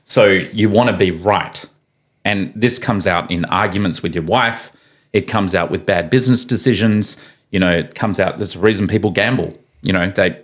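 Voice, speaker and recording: A man talking as a podcast guest, telling stories casually and acting out quoted voices with energy. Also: low-pitched. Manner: animated, acts out quoted voices. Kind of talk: casual conversational storytelling. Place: podcast studio room.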